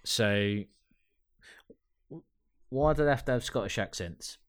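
A man co-hosting a casual chat, speaking hesitantly with halting repeats. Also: mid-range voice, smooth, no echo, studio quality. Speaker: podcast co-host.

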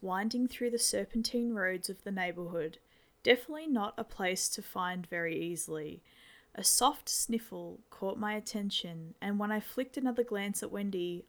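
Woman reading a creepy story, gravelly voice, steady and measured. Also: mid-range voice. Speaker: narrator. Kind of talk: scripted horror story narration.

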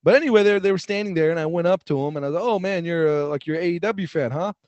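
Young male podcast co-host, crude mocking storyteller, fairly high voice, dry close mic. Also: racing, darkish tone, no echo, dull audio. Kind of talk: casual chat.

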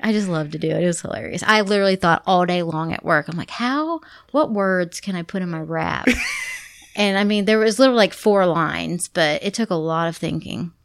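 A woman in her thirties, a podcast host and mother, chatting casually and telling animated stories with frequent laughter. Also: on the low side, fairly quick, gravelly, clear, resonant tone, no echo, studio quality. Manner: animated storyteller, laughs often, acts out her kids' voices. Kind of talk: casual chat.

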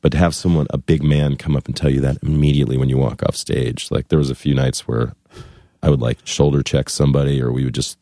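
A man's voice: extremely low pitch, mellow, no room sound, clean studio sound. A man being interviewed as a guest musician, chatting casually in a wry, joking way and now and then slipping into mock voices.

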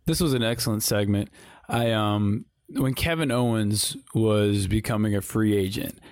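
A man co-hosting a podcast, chatting casually about wrestling in a loose, halting way. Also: on the low side, darkish tone, no room sound, clean studio sound. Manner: loose, halting, many restarts. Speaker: podcast co-host.

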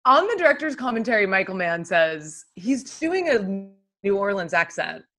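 A woman co-hosting a casual film podcast, animated and giggly with blunt jokes. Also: mid-range voice, normal speed. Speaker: podcast co-host.

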